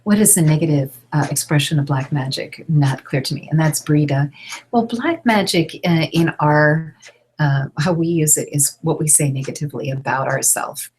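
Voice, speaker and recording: Low husky-voiced woman teacher. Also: darkish tone, rough recording. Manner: halting, many fillers and restarts. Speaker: spiritual teacher leading an online class. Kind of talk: casual teaching, reading out questions.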